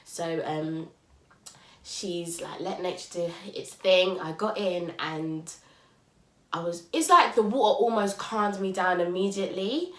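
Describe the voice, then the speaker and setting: A woman's voice: on the low side, unhurried. A young woman, casually telling a story on a podcast, acting out quotes and laughing. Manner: animated, acts out quotes loudly and laughs. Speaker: podcast co-host. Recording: roomy echo.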